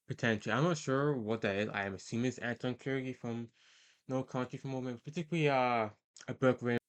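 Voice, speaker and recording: A man's voice: mid-range voice, fast talker. Hesitant, rambling young man. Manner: hesitant and rambling, many fillers and self-corrections. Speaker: video host ranking characters. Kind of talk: casual tier-list commentary.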